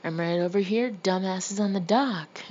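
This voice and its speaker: A woman's voice: mid-range voice, moderate pace, darkish tone, close to an everyday voice. A sarcastic grown man taunts in a sing-song, mocking lilt, as a woman narrator puts him on. The audiobook recording is a little muffled, with a faint hiss. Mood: sing-song taunting.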